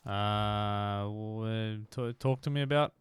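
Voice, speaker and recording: A man's voice: fairly low pitch, slow pace, smooth, no room sound. Chatty male game streamer. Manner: chatty, self-deprecating, bursts into shouts. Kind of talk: live stream commentary.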